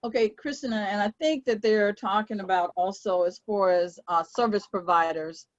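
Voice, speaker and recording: A woman clerk hosts a question-and-answer webinar, reading each question and then talking it through with plenty of pauses and fillers. Her voice sits at a middle pitch. It comes through dull and dry, like audio from a video call. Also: dry recording. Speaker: court clerk moderating a webinar. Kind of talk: moderating a Q&A webinar.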